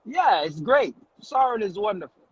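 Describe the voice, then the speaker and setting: A man's voice: high-pitched, very animated, moderate pace, slightly rough, highs cut off. A man with a Jamaican accent, a guest joking and slipping into patois during a casual interview from his car. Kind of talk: casual video-call interview. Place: in a car on a road trip.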